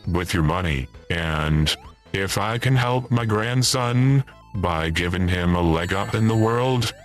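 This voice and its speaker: Heavily acting, a streamer uses a deep, fairly bright voice to portray an older, forgetful retired man in a comedic in-character livestream chat. The character rambles, stops short, and repeats himself.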